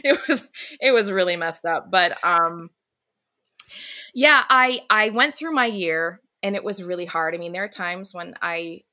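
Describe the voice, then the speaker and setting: A lower-pitched woman with a bright, forceful edge to her voice talks as a guest in a relaxed interview. She tells her stories candidly and with animation, using plenty of fillers and casual swearing. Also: measured pace. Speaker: musical theater actress, guest.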